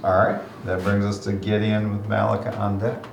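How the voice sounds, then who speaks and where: A man's voice: lowish voice, steady tone, normal speed, vocal fry, recorded from a distance. A man acting as game master, calling turns and describing the action in a tabletop game. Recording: roomy and noisy home recording.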